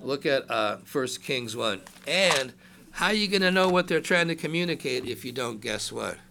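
A man's voice: mid-range voice, expressive, normal speed, creaky, crowd noise. A man in his sixties preaching a sermon in a conversational way, joking with the congregation and reading scripture aloud in a raised voice. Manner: conversational preaching with asides and jokes. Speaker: pastor.

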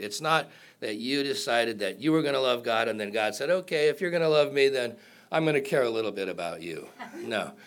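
A man's voice: medium pitch, a bit bright. A man preaching a sermon in a conversational way, asking the congregation questions and cracking jokes. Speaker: pastor.

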